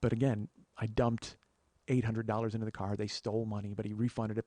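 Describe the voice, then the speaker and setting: A man hosting a comedy podcast, telling an exasperated, profane story that swings from low muttering to loud outbursts. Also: flat delivery, a little fast, no room sound. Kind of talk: storytelling monologue.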